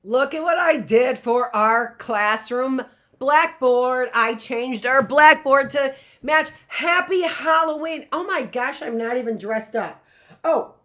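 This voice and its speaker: A woman's voice: fairly high pitch, a bit bright. A middle-aged woman teacher giving a chatty, playful online lesson, often exclaiming. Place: home classroom setup.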